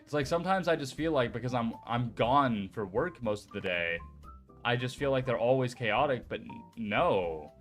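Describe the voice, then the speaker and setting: A young man chats casually on a live stream. He rambles and jokes, swears now and then, and speaks in a mid-range voice. Soft music plays faintly in the background. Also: mid-range voice, lively intonation, moderate pace. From United States. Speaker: VTuber streamer. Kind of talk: casual chat.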